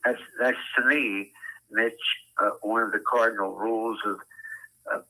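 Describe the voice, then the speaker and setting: Older man, very bright careful diction. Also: lowish voice, fairly even intonation, low-quality recording. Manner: careful, precise enunciation with many "uh" pauses. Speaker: ballpark public address announcer. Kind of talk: interview guest.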